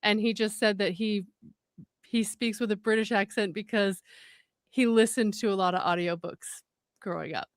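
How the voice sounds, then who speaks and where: A woman's voice: medium pitch, moderate pace, no echo, studio quality. A woman telling a funny anecdote in a casual podcast chat, acting out the voices of the people in it. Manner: animated, acts out quoted voices. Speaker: podcast guest. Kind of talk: casual storytelling.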